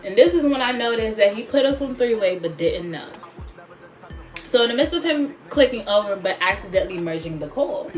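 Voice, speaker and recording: A woman vlogger telling a personal story in a chatty, animated way, with sassy asides. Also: on the high side, fairly quick, soft background music. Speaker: beauty vlogger. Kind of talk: storytime vlog.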